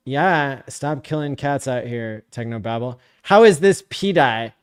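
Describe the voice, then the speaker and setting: A man hosting a live stream, reading viewer comments out loud in a blunt, sarcastic, casual way. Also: medium pitch, a little slow, clear, resonant tone. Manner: blunt, sarcastic, profane, often laughing.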